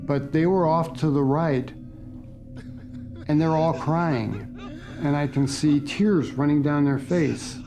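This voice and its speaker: Slow-spoken older man recalling an encounter. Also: medium pitch, vocal fry. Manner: slow, reflective storytelling. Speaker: interviewee recounting experience. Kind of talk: documentary testimony.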